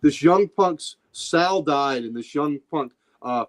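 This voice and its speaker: A man's voice: a little high, lively intonation, slow pace. A middle-aged man hosting a podcast, retelling comic book scenes in casual, enthusiastic chat. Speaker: podcast host.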